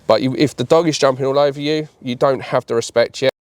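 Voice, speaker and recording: A man runs a dog training session in a mid-pitched voice. He speaks bluntly and swears freely. He often acts out the dog's thoughts to explain a point. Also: fairly even intonation, quick pace, darkish tone, no room sound.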